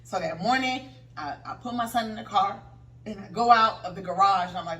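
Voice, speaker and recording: A woman in her thirties co-hosting a podcast, telling a story in casual chat, animated and swearing freely. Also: mid-range voice, a little fast. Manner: animated, swearing, acts out quotes. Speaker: podcast co-host. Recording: echoey room, distant mic, faint noise.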